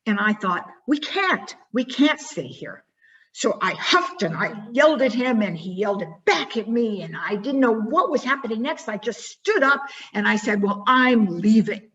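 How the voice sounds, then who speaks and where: A woman giving a motivational talk, telling a personal story expressively and then guiding listeners through a slow reflection. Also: a little high, expressive, a bit bright, highs cut off. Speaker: keynote speaker.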